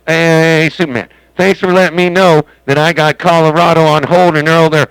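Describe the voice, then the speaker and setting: Brief: male CB radio host, folksy and joking, slightly high voice, dry close sound. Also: steady tone, normal speed, a bit bright, clear, resonant tone, dry recording, rough recording. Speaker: CB radio operator and stream host. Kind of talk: casual radio chat. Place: home radio base station.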